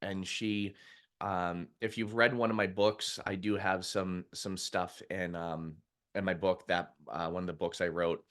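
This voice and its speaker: Low-voiced man, candid coaching talk. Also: level tone, unhurried, fairly bright tone. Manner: candid, conversational, frequent restarts. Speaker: mindset coach. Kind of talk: live-streamed casual talk.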